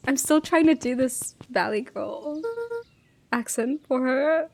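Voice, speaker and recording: A woman's voice: sits high, takes it slowly, gravelly, a little mellow. A woman streamer chatting casually with giggly asides while reading a story live.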